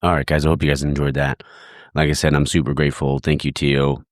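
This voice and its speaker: A congested, tired man hosting a podcast, giving a relaxed, thankful solo sign-off. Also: rumbling low, fast, dry recording, clean studio sound. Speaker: podcast host.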